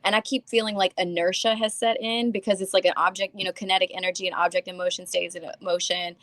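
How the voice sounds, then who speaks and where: A woman, a comic and writer, chatting casually as a guest, rambling and animated as she tells stories. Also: fairly low pitch, fast talker, no room sound. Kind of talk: casual chat.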